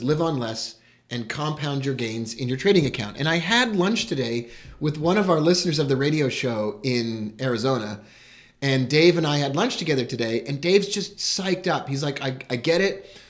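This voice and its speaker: An excitable man, hosting a live broadcast and greeting his viewers with enthusiasm. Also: mid-range voice, brisk. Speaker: host.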